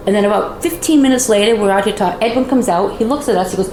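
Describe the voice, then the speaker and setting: A woman's voice: medium pitch, very fast, hardly any pauses. Woman telling a story in an echoey house. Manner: lively, acts out quoted voices. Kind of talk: animated storytelling. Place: inside a large old house. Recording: echoey room with background noise.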